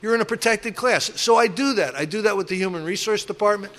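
A middle-aged man in recovery telling stories from his drinking past in a casual, animated way, acting out other people loudly and restarting his sentences often. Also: high-pitched, fast talker. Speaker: recovering alcoholic sharing his story. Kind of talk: casual storytelling talk.

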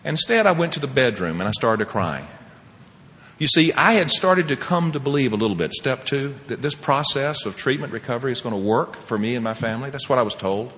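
A man sharing his personal recovery story as a speaker at a meeting, animated and laughing often, swinging between loud and hushed. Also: mid-range voice, brisk, in a large hall.

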